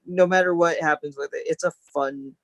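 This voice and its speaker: A woman's voice: deep voice, fairly even intonation, brisk, no room sound. Gushing, rambling woman co-host. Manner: gushing, rambling, laughs often. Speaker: podcast co-host. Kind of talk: casual chat.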